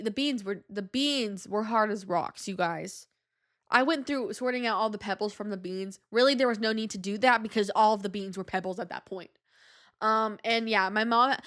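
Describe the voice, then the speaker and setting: A young woman hosting a podcast, telling a story in a chatty, animated way and acting out the voices of people she quotes. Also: on the high side. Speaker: podcast host. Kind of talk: casual storytelling monologue.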